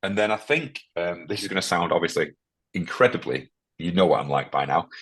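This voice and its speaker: A man sharing a personal story as a podcast guest, emotional and halting, often restarting his sentences. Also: low-pitched, expressive, a bit bright, slightly rough, no room sound. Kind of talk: candid interview conversation.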